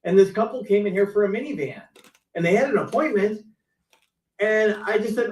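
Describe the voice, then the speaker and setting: A man's voice: high voice, fairly quick, long pauses. A middle-aged man, a car sales veteran, telling stories casually on a live stream and acting out his customers' lines. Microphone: video call. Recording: roomy, distant mic.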